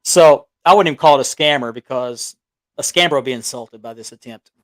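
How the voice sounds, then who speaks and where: A man's voice: medium pitch, brisk, fairly bright tone, no echo, clean studio sound. A man co-hosting a collectors' chat show, telling a rambling story over a remote call, with frequent restarts and chuckles. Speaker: belt collecting show co-host. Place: small town home. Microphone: remote call with audio delay.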